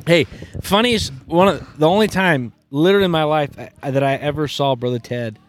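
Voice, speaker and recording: A man telling a hunting story in a casual podcast chat, acting out the shouts of the people in it. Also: on the high side, a little fast, dry recording. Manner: lively, acts out quoted shouts. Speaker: podcast guest.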